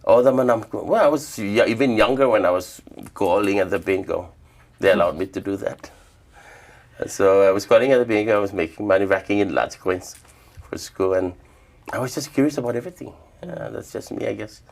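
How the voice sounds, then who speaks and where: A middle-aged man from the Northern Mariana Islands telling stories in an interview, relaxed, acting out the voices he quotes. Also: on the low side, brisk, vocal fry. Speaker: humanities awardee, traditional healer. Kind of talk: interview storytelling.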